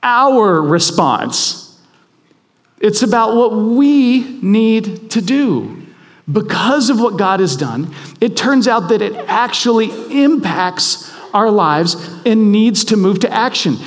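A man's voice: high-pitched, expressive, slow. A man preaching a sermon in a conversational, self-deprecating, emphatic way. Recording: long hall reverb.

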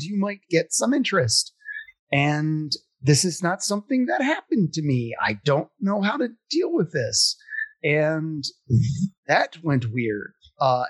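A man's voice: a little high, no room sound. Self-deprecating man telling theater stories. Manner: self-deprecating, animated, acts out quoted voices. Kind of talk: casual storytelling chat.

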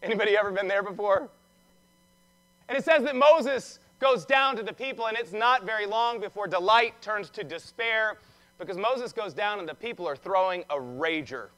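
A man's voice: high voice, moderate pace, fairly bright tone. A male pastor preaching an Easter sermon who tells the story in a conversational way, with humor and questions to the congregation.

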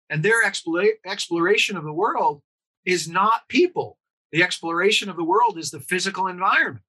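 Bright-voiced male doctor, earnest. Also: high-pitched, husky, poor audio. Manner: earnest, explains with acted-out quotes and rhetorical questions. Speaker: pediatrician guest. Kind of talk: conversational interview explanation.

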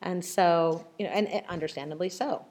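A woman leading a casual group Bible study, retelling stories lively and acting out the voices of the people in them. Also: fairly low pitch, brisk, slight background noise. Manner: animated storyteller, acts out quoted voices.

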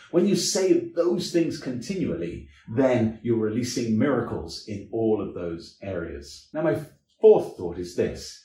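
A man's voice: mid-range voice, big pitch swings, a little slow, mellow, roomy sound. A man preaching a sermon as an evangelist, with emphatic delivery that rises and drops in sweeping waves.

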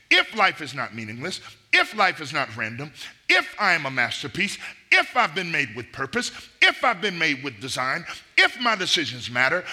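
A man's voice: high-pitched, bright, forceful tone. A middle-aged man preaching a sermon, emphatic and repeating key phrases. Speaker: pastor.

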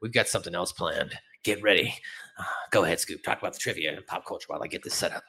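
A man hosting a podcast, recapping a cartoon episode in animated, laughing storytelling. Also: low voice, quick pace, creaky. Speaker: podcast host.

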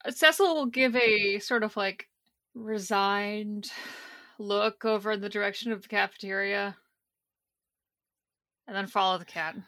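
A woman's voice: medium pitch, unhurried, pauses often, sharp tone, dry recording, clean studio sound. A woman playing a tabletop game, chatting casually and trailing off in a self-deprecating way. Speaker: player. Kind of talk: tabletop role-play chat.

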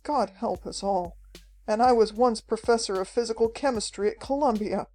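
A woman's voice: a little high, normal speed, a little mellow, faint music behind, lightly acted, poor audio. A woman voicing a frantic elderly male professor who chatters and pants as he talks. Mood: urgent. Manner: chattering, panting.

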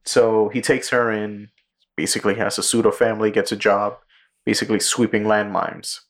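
A man co-hosting a podcast, casually retelling a movie plot with lots of swearing and quick character voices. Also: lowish voice, creaky. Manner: profane, animated storytelling with quick character impressions. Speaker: podcast co-host.

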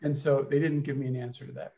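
A man telling a personal story casually, rambling and halting with many restarts. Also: mid-range voice, flat delivery, dark tone, a little hiss or hum. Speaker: storyteller at a gathering.

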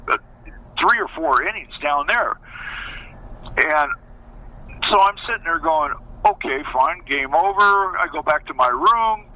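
Bright-voiced older man telling stories. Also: on the high side, low-quality recording. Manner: animated, acts out quoted dialogue. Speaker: former baseball pitcher. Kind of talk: storytelling interview.

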